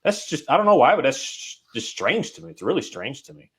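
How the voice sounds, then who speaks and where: A man hosting a casual conversation, speaking haltingly with many restarts as he thinks aloud. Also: mid-range voice, very animated, husky. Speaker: podcast host, dog owner.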